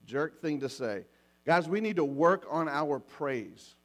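Pastor, man, high-pitched, animated preacher acting out scenes, light mains hum under the voice. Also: slow pace. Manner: animated, acts out little scenes. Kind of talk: sermon on marriage.

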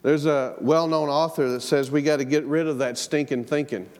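A man's voice: on the high side, fairly even intonation, moderate pace, darkish tone. A middle-aged man preaching a sermon in a church, in a conversational way that repeats words and tells family stories. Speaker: pastor. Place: church sanctuary. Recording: long church hall reverb.

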